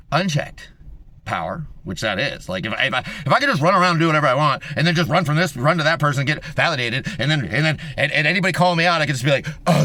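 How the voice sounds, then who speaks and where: A man with a bright, tense, slightly high voice delivers a profane rant. He swears constantly, circles back over his points and lurches between loud outbursts and low grumbles. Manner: swears constantly, repeats himself, shifts between loud bursts and low mutters. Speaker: video host.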